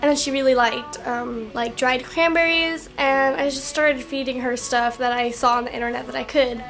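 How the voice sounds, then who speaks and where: A woman's voice: sits high, fairly bright tone. A young woman vlogger telling a story to her camera in a casual, rambling way, full of fillers and swearing.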